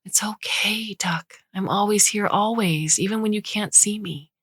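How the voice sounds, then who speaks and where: A woman voicing a gentle robot stand-in for a loving mother, speaking softly and partly in a whisper. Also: lowish voice, unhurried, husky, no room sound, clean studio sound. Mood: tender. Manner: soft, tender, partly whispered.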